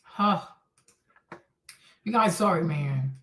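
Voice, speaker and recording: A chatty, exasperated woman streaming her commentary live, talking in a bright, lively voice full of slang. She sits back from the mic in an echoey room. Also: on the high side, moderate pace, far from the mic, a little hiss or hum.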